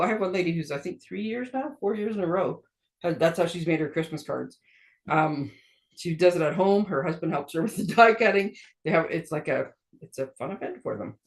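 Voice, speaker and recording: A middle-aged woman from Canada hosting a card-making tutorial, chatty and rambling, often laughing at herself. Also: fairly low pitch. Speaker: stamping demonstrator and card-making host. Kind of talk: casual craft tutorial chat.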